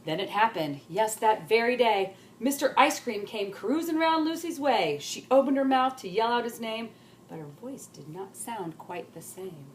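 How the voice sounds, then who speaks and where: A woman teacher reading a rhyming children's story aloud in an animated, sing-song way. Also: a little high, moderate pace, slight background noise. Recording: roomy echo.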